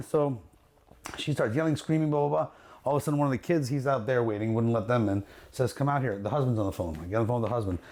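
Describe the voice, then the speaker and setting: A man, a luxury jewelry dealer, telling a story in a casual podcast chat, animated and profane, acting out the quotes and laughing as he goes. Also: mid-range voice, fast talker. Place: his jewelry store.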